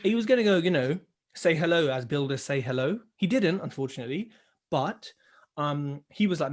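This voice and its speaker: Young male co-host, slightly higher voice, casual anecdotal delivery with acted-out quotes. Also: moderate pace. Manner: animated, swears, acts out others' lines. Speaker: podcast co-host. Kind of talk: casual storytelling chat.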